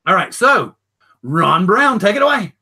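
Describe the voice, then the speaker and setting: Bright-voiced older man hosting, rambling. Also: high voice, sing-song, unhurried, breathy edge. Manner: rambling, many fillers and restarts. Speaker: show host. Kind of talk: casual live show chat.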